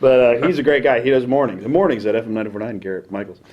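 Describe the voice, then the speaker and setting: A man's voice: mid-range voice, racing, dull audio. A young man, a late-night radio DJ, casually telling a rambling, self-deprecating story and acting out the voices in it.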